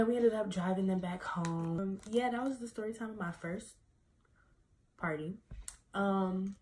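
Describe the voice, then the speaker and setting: Young woman, casual storytime vlog, animated and profane, slightly low voice, faint room noise. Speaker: vlogger.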